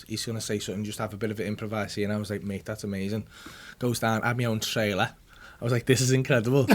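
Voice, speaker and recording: In a podcast studio with a live audience, a comedian host with a mid-range voice tells a casual, curse-filled story. He performs it with energy, voicing the other people's lines, over slight background noise.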